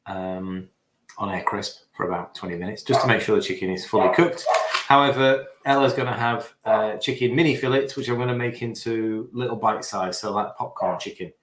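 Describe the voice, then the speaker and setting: A man's voice: on the low side, roomy sound, background noise. A man hosting a live cooking stream from his home kitchen, chatting in a rambling, self-correcting way. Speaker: host of a cooking livestream. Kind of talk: casual live cooking chat.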